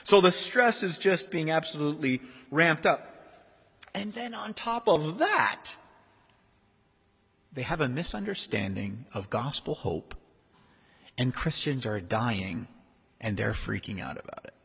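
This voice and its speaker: A man preaching a sermon as pastor, in a conversational, animated way. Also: a little high, a little slow, gravelly, pauses often, slightly rough. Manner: conversational, animated, acts out quoted voices. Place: church sanctuary. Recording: long hall reverb.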